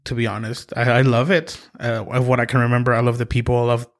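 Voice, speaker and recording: A man from Mexico hosts a podcast, recounting his own story in a halting, reflective manner. His voice has a gravelly, creaky texture and sits at a middle pitch for a man. He pauses, restarts and reaches for words as he goes. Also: little pitch movement. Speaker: podcast host. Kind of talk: personal storytelling monologue.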